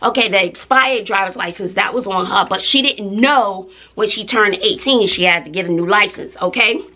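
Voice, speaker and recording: A woman's voice: mid-range voice, moderate pace, bright, forceful tone. A middle-aged woman, chatting casually to her viewers in an emphatic way, repeating herself and often laughing. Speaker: vlogger, mother. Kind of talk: casual chat to camera.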